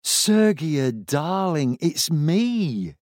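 A man voicing a weary soldier husband who talks to his wife and daughter in a placating, gentle way. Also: on the high side, big pitch swings, drawn-out words, dry recording, studio quality, voice pushed up, exaggerated voice.

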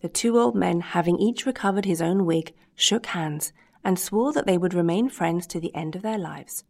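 A woman's voice: lowish voice, normal speed, vocal fry, darkish tone. Woman reading a storybook aloud. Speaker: audiobook reader. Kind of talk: storybook narration.

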